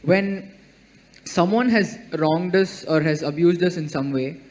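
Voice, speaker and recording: A man asking a question at a public talk, hesitant and halting, with stumbles and filler sounds. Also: a little high, darkish tone, slight background noise. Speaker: audience questioner.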